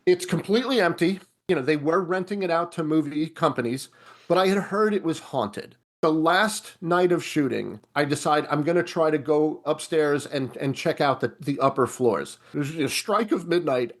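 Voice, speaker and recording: A man with a notably high speaking voice spins anecdotes as a podcast guest. He talks loosely and casually, peppered with "like" and "you know". He jumps up even higher when he acts out what others said. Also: normal speed. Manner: animated, acts out other people's lines in jumped-up voices. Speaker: guest comedy writer. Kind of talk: anecdotal storytelling in a podcast interview.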